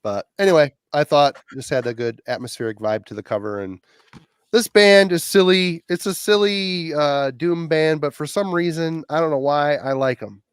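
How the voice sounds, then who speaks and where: A man with a smooth, resonant voice chats loosely on a podcast, joking and laughing. The sound is dry and close. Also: a little high, normal speed, no room sound. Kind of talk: casual chat.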